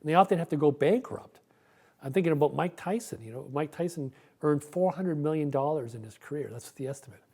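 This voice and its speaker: A man's voice: a little high, fairly quick, a little mellow, breathy edge. A middle-aged male pastor giving an earnest, reflective sermon, often repeating words as he thinks aloud.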